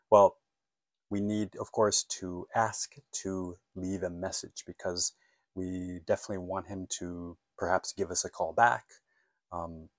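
Male English teacher, middle-aged, low voice, dry close mic, patient and encouraging, has learners repeat phrases. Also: no echo. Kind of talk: online language lesson.

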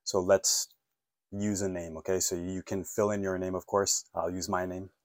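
A man's voice: low-pitched, flat delivery, moderate pace, no echo, studio quality. A man teaching a phone-English lesson, encouraging and checking in often with "okay?" and "right?".

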